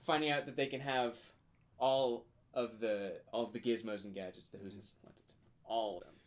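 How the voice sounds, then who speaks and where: A man's voice: medium pitch, fairly even intonation, normal speed. A man playing a board game and telling an earnest, mock-heroic in-character story with casual fillers.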